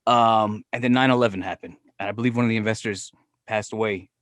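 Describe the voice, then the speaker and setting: A man's voice: on the low side, fast, dry recording. A man telling wrestling stories in casual, profane podcast chat, often acting out what people said. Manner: profane, animated, quotes himself and others. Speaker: podcast guest. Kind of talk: casual storytelling.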